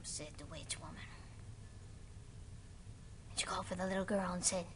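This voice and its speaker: A woman's voice: on the high side, animated, normal speed, pauses often, a little mellow, a little hiss or hum. A woman telling a folk tale dramatically, dropping to whispers for suspense. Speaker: storyteller.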